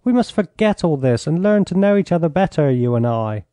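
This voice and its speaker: A man reading an audiobook, voicing a coarse, drunken older baron with a gruff, blustering manner. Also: fairly high pitch, big pitch swings, fairly quick, mellow, no room sound, pitched above the performer's own voice.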